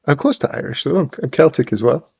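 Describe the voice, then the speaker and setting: In a muffled recording, a Scottish livestream host with a mild accent talks fast while setting up music gear. His mid-range voice is creaky, mellow, and a bit breathy with lively intonation, and his casual chat rambles with frequent restarts.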